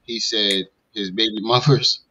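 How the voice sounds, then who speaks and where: Male stream host, crisp bright tone, casual chatter, muffled lo-fi recording. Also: lowish voice, steady tone, measured pace. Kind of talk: hosting a livestream commentary show.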